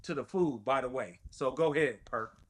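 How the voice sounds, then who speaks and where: A man co-hosting a podcast, chiming in with quick remarks and laughing along with the guest. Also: mid-range voice, a little hiss or hum. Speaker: podcast co-host. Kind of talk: casual chat.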